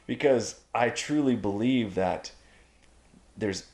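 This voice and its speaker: Man, low voice, emphatic, preachy, casual podcast guest. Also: takes it slowly, a little mellow.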